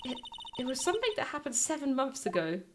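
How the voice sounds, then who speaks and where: A woman voicing a composed, reserved woman managing an exhibit, speaking in a soft, measured way. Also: high-pitched, wildly swooping pitch, background noise. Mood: earnest.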